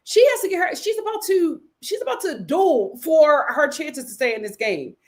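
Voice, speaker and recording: A young woman with a high, bright-sounding voice talks through a reality episode live, sassy and emphatic. She slips into the cast members' words as she retells each scene. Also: animated, moderate pace. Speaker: reality show reviewer. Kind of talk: live recap commentary.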